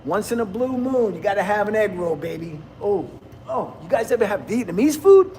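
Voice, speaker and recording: High-voiced blunt man in his fifties. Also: sing-song, normal speed, mellow, a little hiss or hum. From New Jersey, USA. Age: 50s. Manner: rambling and blunt, laughs often. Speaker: livestream host. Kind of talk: casual livestream chat with viewers.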